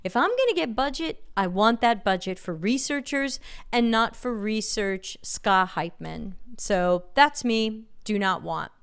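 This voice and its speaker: A woman's voice: medium pitch, animated, a little slow, a bit bright, smooth. A woman with a light New York accent hosting a live stream, reading out chat comments and giving blunt, sardonic commentary. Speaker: livestream host.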